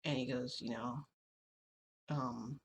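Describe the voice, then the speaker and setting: A woman's voice: very deep voice, fairly even intonation, slow, slight background noise. A woman vlogger telling a personal story in casual chat, rambling with lots of fillers and restarts.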